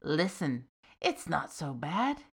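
A woman putting on a booming cheerful demon. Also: sing-song, slow, slightly rough, full character voice. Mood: coaxing. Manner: loud, hearty, cheerful. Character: booming jubilant male demon, mischievous.

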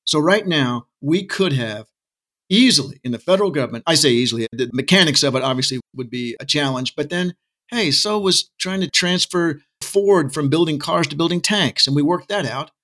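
A man's voice: a little high, lively intonation, moderate pace, sharp tone. A middle-aged man talking with passion as an interview guest, arguing his case with asides and rhetorical questions. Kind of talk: casual interview talk. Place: Texas.

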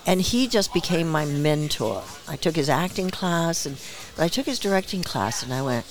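A woman in her seventies, a guest in a relaxed interview at a small bar. She acts out the people she quotes with a lively storyteller's flair and laughs often. Her voice sits slightly low for a woman. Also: normal speed, faint music behind. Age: 70s. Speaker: guest actress and director.

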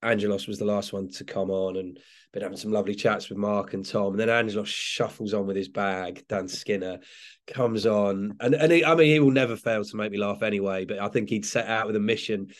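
Speaking slightly quickly in a lowish voice, this English man is a comedian being interviewed casually. His talk wanders and doubles back on itself, with frequent bursts of laughter.

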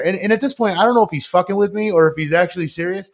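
A man's voice: high-pitched, racing. A young man hosting a casual podcast, full of slang and swearing. He tells stories with laughter and acts out other people's voices as he goes. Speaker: podcast host. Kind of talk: casual chat, animated storytelling.

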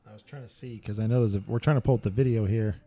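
In a podcast studio, a male co-host chats casually, reading news items aloud with jokes and narrating a video as he watches it. His voice sits on the low side, steady and warm, and he talks rapid-fire, though the recording is muffled.

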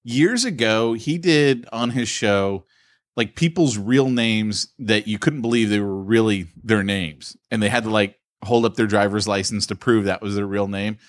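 A man's voice: lowish voice, normal speed, no echo. A man co-hosting a podcast in casual banter, wry and jokey, often laughing at his own stories. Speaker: podcast co-host.

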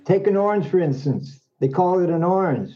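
Man, fairly high voice, slow joke-teller, muffled lo-fi sound. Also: lively intonation. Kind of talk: joke telling. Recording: dull lo-fi audio.

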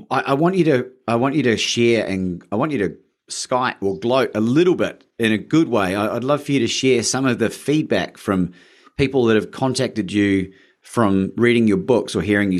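A man's voice: lowish voice, normal speed. A man hosting an interview, enthusiastic and encouraging, with some hesitations. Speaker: podcast host. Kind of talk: interview conversation.

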